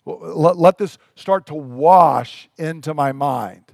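Man, pastor, earnest emphatic sermon, high voice, dry close sound. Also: slow pace, creaky, dry recording. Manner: earnest, emphatic preaching with rhetorical questions.

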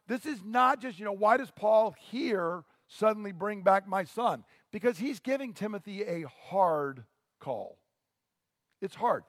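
A man's voice: sits high, no echo, studio quality, long reverb tail. A pastor preaching a sermon to his congregation, earnest and teaching, with rhetorical questions.

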